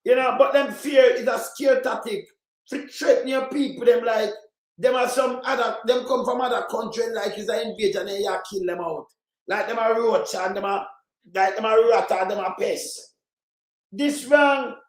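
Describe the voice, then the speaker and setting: Fired-up Jamaican man, very high voice. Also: normal speed, reverberant, rough recording. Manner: heated, repetitive, bursts into shouting. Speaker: commentator. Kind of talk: angry political rant in patois.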